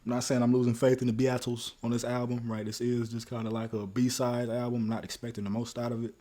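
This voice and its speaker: A young man with a medium-pitched voice talks quickly while hosting a music reaction video, with music playing in the background. He is animated and casual, speaking straight to viewers in slang.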